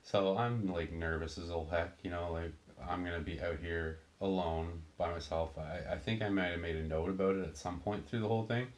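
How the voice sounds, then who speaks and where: A man telling a personal story in a casual, halting way, full of restarts and fillers. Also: deep voice. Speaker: storyteller recounting a sailing ordeal.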